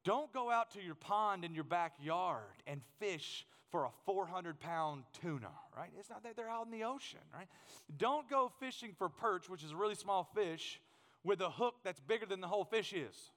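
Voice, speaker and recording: Animated man preaching in a reverberant hall. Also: high voice, normal speed. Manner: animated, humorous, acts out scenes. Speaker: pastor. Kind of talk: sermon with storytelling.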